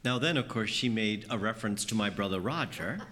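In a church with long reverb and slight background noise, a priest preaches a homily, his voice expressive, fairly quick, and sharp. He tells stories and acts out characters' voices, swinging widely in pitch.

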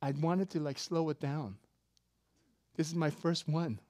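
A man preaching a sermon, telling a personal story casually with sudden loud, emphatic bursts. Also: on the high side, a little slow, dry recording, studio quality. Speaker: pastor.

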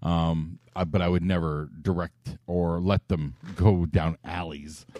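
Man, podcast co-host, somewhat low voice, dry close sound, wry asides. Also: steady tone, a little slow, mellow, no room sound. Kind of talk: casual chat.

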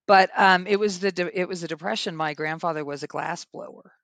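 A woman from Oklahoma with a light Southern US accent, a podcast guest telling stories in an animated, chatty way. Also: fairly low pitch, no room sound. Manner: animated storyteller, quick asides. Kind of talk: casual interview chat.

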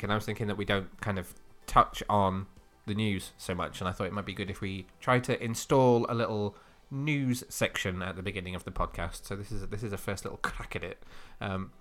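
A man with a fairly low voice co-hosts a casual comic book podcast. He talks at length in a chatty, teasing way and laughs often. Faint music sits quietly in the background. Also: normal speed. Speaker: podcast co-host.

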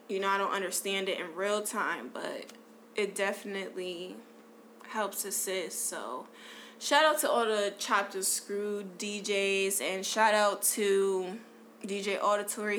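Slow-talking, bright-voiced woman podcast host. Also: mid-range voice, a little hiss or hum. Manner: relaxed, slangy, lots of "like" and "you know". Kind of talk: casual podcast chat.

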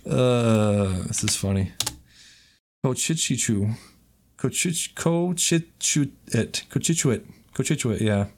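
A man's voice: on the low side, animated, takes it slowly, darkish tone, slight background noise. A man with a New York accent co-hosting a podcast in casual chat, laughing often and swearing freely. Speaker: podcast co-host.

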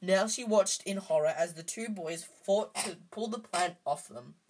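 A woman's voice: on the low side, unhurried, darkish tone, poor audio. A woman reading a storybook aloud in an unpolished way, stumbling and restarting often. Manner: unpolished, frequent restarts and ums.

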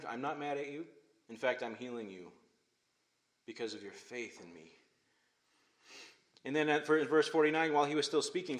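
A male pastor preaching a sermon, swinging between emphatic loud phrases and hushed, quiet ones. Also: mid-range voice. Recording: echoey room.

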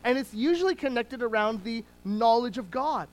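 A preacher and parent giving a sermon in a conversational teaching tone, with small restarts, slowing down to stress key words. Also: medium pitch, animated, low-quality recording. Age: adult parent.

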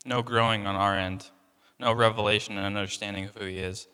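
A man's voice: fairly low pitch, little pitch movement, brisk, sharp tone, clean tone, in a large hall. A young man giving a casual, conversational sermon, full of fillers and acting out people's reactions. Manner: conversational, many fillers, acts out voices of people in the story. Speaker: preacher.

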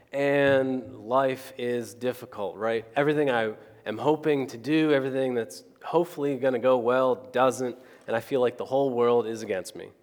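A man's voice: mid-range voice, darkish tone. Man preaching in a reverberant hall. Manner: conversational, keeps asking the crowd "right?". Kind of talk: storytelling sermon.

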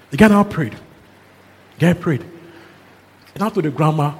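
A man preaches with a fairly high voice, telling stories with animation and chuckling as he goes. His voice rings out in a hall with a long echo. A faint hum sits behind him. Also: fairly quick, pauses often. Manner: animated storyteller who chuckles and mixes in local exclamations. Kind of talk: sermon with lively storytelling. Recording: long hall reverb, faint background noise.

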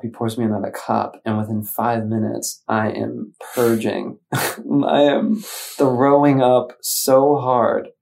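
A man's voice: fairly low pitch, vocal fry. A man from Michigan telling a personal story in casual conversation, acting out his own thoughts in changing voices. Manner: animated, acts out his own inner voices. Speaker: guest.

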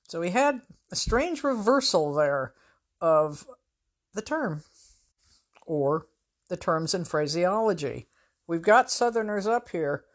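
A woman's voice: on the low side, expressive, takes it slowly, long pauses. Wry woman storyteller from the Pacific Northwest. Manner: wry, conversational, self-mocking. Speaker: storyteller and podcast host. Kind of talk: casual anecdotal storytelling.

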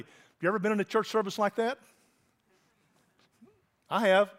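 A man's voice: high-pitched, moderate pace, long pauses, a bit bright. A middle-aged man preaching a sermon as pastor, conversational and asking his congregation questions.

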